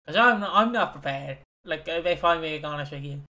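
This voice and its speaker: Brief: young British male co-host, slightly high, bright and forceful tone, teasing and sweary. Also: animated, fairly quick. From Britain. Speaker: podcast co-host. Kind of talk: casual chat.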